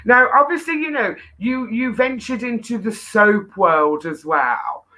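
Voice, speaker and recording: A woman's voice: on the high side, lively intonation, measured pace, pushed and bright. A woman with a Birmingham accent hosting a casual interview, effusive and enthusiastic. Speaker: host.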